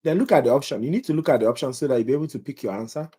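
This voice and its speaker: His voice is medium-pitched and warm with a breathy edge, and he talks at a racing pace. He hosts a live nursing exam review, reading out questions and options, testing his audience, and poking fun at his accent.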